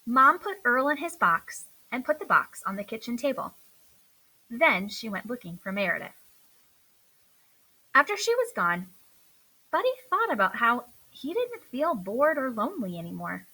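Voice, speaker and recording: A woman reading a children's picture book aloud in a slow, expressive storytelling manner. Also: fairly high pitch, slightly rough, rough recording.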